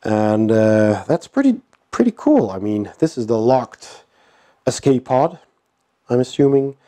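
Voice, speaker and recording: A man's voice: mid-range voice, a little slow. A man with a cold and a nasal voice, casually commenting while unboxing a board game, with frequent fillers and chuckles. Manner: relaxed, chuckling, lots of fillers.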